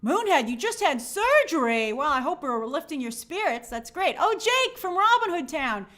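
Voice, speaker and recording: A woman's voice: sits high, very animated, moderate pace, a bit bright. A woman hosting a live stream, chatting casually and greeting viewers by name in an upbeat, friendly way.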